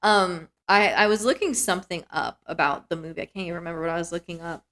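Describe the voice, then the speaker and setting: Young woman with a lowish voice co-hosting a movie podcast; loose, chatty delivery. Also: fast, a bit bright. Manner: chatty, many fillers like "like" and "um". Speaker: podcast co-host. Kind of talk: casual movie review chat.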